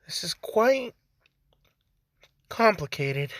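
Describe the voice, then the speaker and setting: Brief: man doing a high, prim British-accented furry creature principal, very courteous. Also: sing-song, very slow, dry recording, clean studio sound, full character voice. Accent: put-on British. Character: polite British animal school principal, small, furry.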